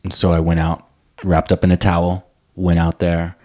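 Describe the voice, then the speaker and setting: A man hosting a conversation, sharing his own story and reflecting in a measured, earnest way. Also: deep voice, monotone, a little mellow. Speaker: host.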